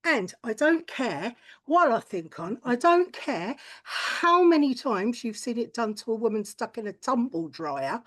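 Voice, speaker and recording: A woman's voice: on the high side, very animated, unhurried, a bit bright. A woman performing a stand-up comedy set, blunt and crude, with chatty tangents and frequent swearing.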